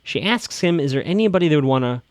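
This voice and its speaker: A man's voice: fairly high pitch, fast talker, no echo, clean studio sound. A man hosting a podcast, casually recapping a TV episode, quoting lines and laying out his theories. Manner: chatty, theorizing, quotes lines in a flat voice.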